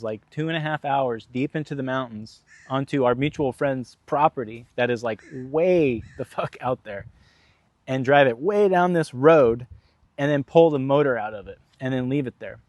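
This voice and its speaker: A man's voice: mid-range voice, dry recording. Rambling casual man telling a story. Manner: rambling, many fillers, frank and profane. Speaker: vlogger.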